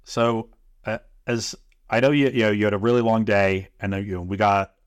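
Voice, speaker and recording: A man's voice: fairly low pitch, steady tone, fairly quick, smooth, no echo. A man co-hosting a podcast, chatting casually with short reactions and agreement. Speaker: podcast co-host. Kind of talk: casual chat.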